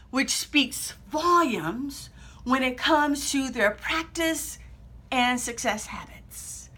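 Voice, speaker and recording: A woman giving a motivational speech, telling a story dramatically with acted-out shouts and pauses. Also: sits high, expressive, slightly rough. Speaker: motivational speaker.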